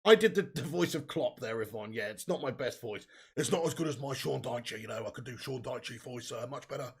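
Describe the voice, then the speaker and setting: A man's voice: mid-range voice, lively intonation, a little fast, gravelly, slightly rough. A man hosting a live football watch-along, joking, laughing often and reading out viewer comments. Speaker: live stream host.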